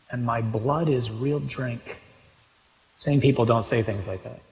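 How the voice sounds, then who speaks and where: A man preaching a sermon, reading scripture aloud and explaining it, moving between quiet reading and loud emphasis. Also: mid-range voice. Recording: long reverb from a large hall.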